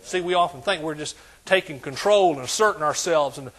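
A male pastor delivers a sermon with a slightly raised pitch. His voice is husky and a little breathy. He talks straight to the congregation and often swells into loud exclamations. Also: a little fast. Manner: preaching with call-and-response, rising to shouts.

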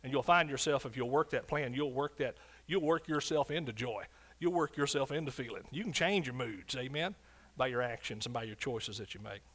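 A man preaching a fervent sermon as pastor, swinging from loud shouts to quiet, low asides. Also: fairly quick.

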